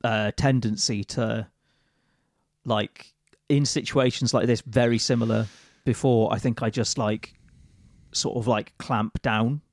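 A man taking part in a tabletop game and talking it through out loud, hesitant and full of fillers. His voice sits at a mid pitch, and the sound is close and dry. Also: fairly even intonation, a little slow, no echo. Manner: hesitant, thinking aloud with many fillers. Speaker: player. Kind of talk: casual tabletop chat.

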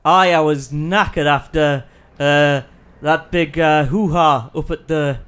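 Flustered shopkeeper stalling, played by a man. Slightly high. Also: steady tone, slow pace, fairly bright tone, clear, resonant tone. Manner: hesitant, bumbling. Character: flustered male shopkeeper playing dumb.

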